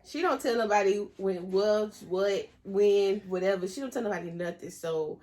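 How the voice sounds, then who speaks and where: A woman's voice: medium pitch, normal speed, a little mellow. A young woman, chatting casually and teasingly with her sister on a vlog. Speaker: vlogger's sister. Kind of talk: casual storytime chat.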